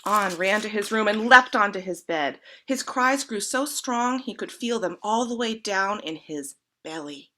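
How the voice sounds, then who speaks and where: A woman reading a picture book aloud to children, gently inviting the listeners with questions. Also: medium pitch, expressive, unhurried, few pauses. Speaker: storyteller.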